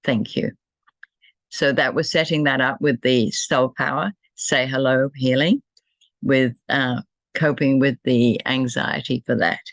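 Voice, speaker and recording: Gentle older woman with a gravelly voice. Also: a bass voice, fairly even intonation, dry recording. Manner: gentle, unhurried, repeats soft affirmations and thank-yous. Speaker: energy healer. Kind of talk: guided self-healing demonstration.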